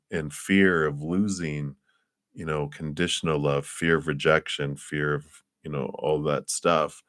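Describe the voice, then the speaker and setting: A man's voice: very deep voice, no room sound, clean studio sound. A man giving a live tarot reading, speaking in an encouraging, rambling way, often chuckling and restarting his sentences. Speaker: tarot reader.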